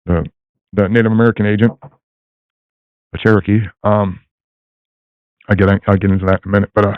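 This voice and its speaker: A man's voice: fairly low pitch, clean tone, no echo. An older man rambling through a long personal story, full of fillers and restarts, over a tinny line. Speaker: guest telling a personal story. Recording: tinny phone-like line, dry.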